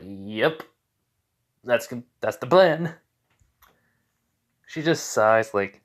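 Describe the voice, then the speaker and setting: A tired young man casually retelling an imagined adventure as a fan storyteller, rambling and filling his talk with "basically" and "like" as he acts out bits of dialogue. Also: medium pitch.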